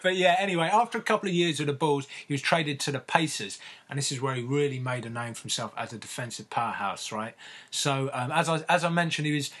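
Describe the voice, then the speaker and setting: A man telling a story in casual podcast chat, laughing often and filling pauses with ums and uhs. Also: medium pitch, fairly bright tone, breathy edge.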